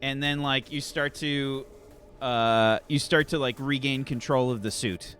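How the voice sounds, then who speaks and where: Bright-voiced man narrating a tabletop game. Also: medium pitch, measured pace, faint music behind. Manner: laughing, rambling narration with fillers. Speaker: game master.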